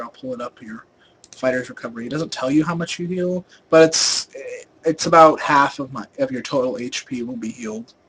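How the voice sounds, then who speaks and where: A man's voice: medium pitch, slight background noise, rough recording. A young man casually talking through a game guide over his screen, rambling with lots of fillers and restarts, his volume rising and falling. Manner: volume rises and falls a lot. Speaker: gaming video host.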